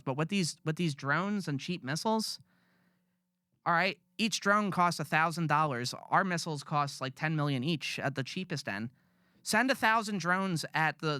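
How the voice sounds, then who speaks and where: A man's voice: fairly high pitch, sharp tone, clean tone, no room sound, studio quality. A man ranting bluntly and profanely in casual podcast chat. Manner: blunt, profane, rambling rants. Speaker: podcast co-host.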